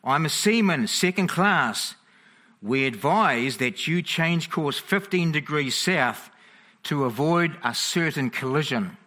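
Man reading a calm lighthouse keeper, slow, bright, matter-of-fact. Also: fairly high pitch, exaggerated voice.

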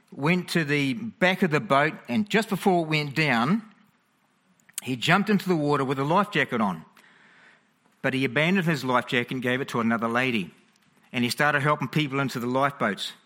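A man preaching a sermon to a congregation, chatty and animated, checking in often with the listeners. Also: medium pitch, moderate pace. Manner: chatty, animated, frequent "okay?" check-ins.

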